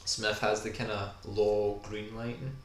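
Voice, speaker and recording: A man with a fairly low voice chatting eagerly on a casual podcast, dropping "kinda" again and again. He sounds like he's in an echoey room, with a faint hum of ambience behind him. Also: little pitch movement, measured pace. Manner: chatty, enthusiastic, often says "kinda". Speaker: podcast co-host. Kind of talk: casual chat over a viewing.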